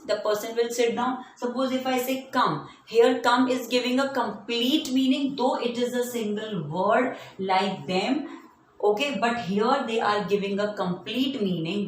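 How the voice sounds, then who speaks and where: A woman teacher, explaining grammar to children slowly and deliberately, stretching out her example words. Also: a little high. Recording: very echoey room, faint hum.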